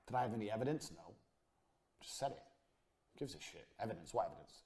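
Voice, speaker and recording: A man teaching a business course in a blunt, emphatic motivational lecture style, with short punchy sentences and casual swearing, his voice falling quiet at the ends of phrases. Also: on the low side, lively intonation, fast talker, long pauses, slight background noise. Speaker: course instructor.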